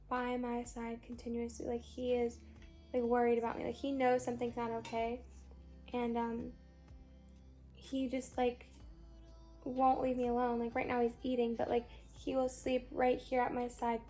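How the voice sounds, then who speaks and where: A young woman in her twenties with a high voice held in a narrow, flat range. She is tired and sore after surgery. She rambles and stops halfway through her thoughts while she vlogs into a phone at home, with faint music underneath. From Chicago, USA. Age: 20s. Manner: rambling, halting, many fillers. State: weary and in pain after surgery. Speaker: vlogger. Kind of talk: casual recovery vlog.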